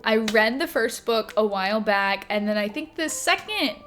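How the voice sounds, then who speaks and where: Young woman ranting and gushing about books to the camera, kinda high voice, lots of likes and ums, gets teary. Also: lively intonation, moderate pace, a bit bright, a little hiss or hum. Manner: impassioned, gushing, talks through tears; frequent "like" and "um" fillers. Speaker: book reviewer. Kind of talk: casual to-camera book review.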